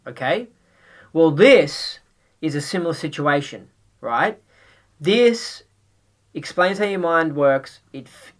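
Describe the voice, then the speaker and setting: A man's voice: a little high, fairly bright tone. A man hosting a podcast, giving a casual, earnest review and pressing his listeners again and again to watch something, with many restarts. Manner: earnest and insistent, restarts a lot. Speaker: podcast host reviewing a DVD.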